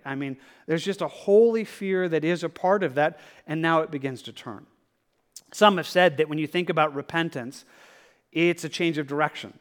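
A man's voice: on the high side, normal speed, clear, resonant tone. A male pastor giving a verse-by-verse sermon in an earnest, conversational way, often acting out the inner voice of a believer and restarting his sentences. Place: church sanctuary.

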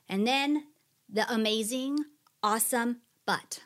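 A woman's voice: a little high, expressive, a little slow. A woman co-hosting a faith podcast, talking through a psalm and reading it aloud with feeling. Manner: earnest, reads scripture aloud with feeling. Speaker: podcast co-host. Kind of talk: Bible teaching chat.

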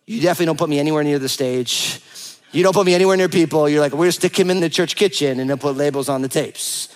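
A man's voice: fairly high pitch, quick pace. A man in his forties, a pastor preaching a sermon, telling a personal story with humor and acting out the dialogue. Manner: animated, playful, acts out quoted dialogue.

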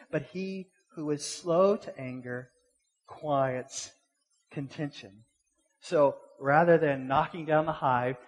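Husky-voiced man preaching in a reverberant hall. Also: fairly high pitch. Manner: conversational preaching with rhetorical questions and repetitions. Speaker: pastor. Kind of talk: sermon. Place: church sanctuary.

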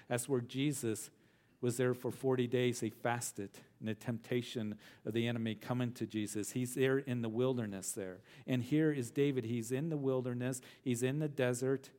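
Working through scripture verse by verse, a middle-aged male pastor preaches earnestly in a medium, steady, mellow voice. He leans on repetition to stress points and draws out important words.

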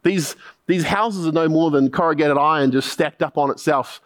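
Man, New Zealand accent, slightly high voice, preaching, storytelling, rhetorical questions. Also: moderate pace. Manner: storytelling with repeated punchlines, then probing rhetorical questions. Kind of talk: sermon.

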